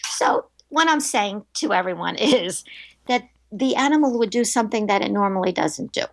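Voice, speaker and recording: A middle-aged woman, a medium being interviewed, who tells stories in a lively way and acts out the voices of the people in them. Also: medium pitch, moderate pace, vocal fry, no echo. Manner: animated storyteller, acts out quoted voices. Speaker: psychic medium guest. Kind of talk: casual interview storytelling.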